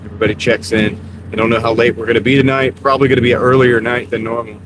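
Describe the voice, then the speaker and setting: A man chatting casually on a live stream while he drives deliveries, greeting viewers by name in a relaxed, rambling way. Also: mid-range voice, rapid-fire. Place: inside a moving car. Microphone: wireless clip-on mic. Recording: clear car road noise. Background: car and road noise.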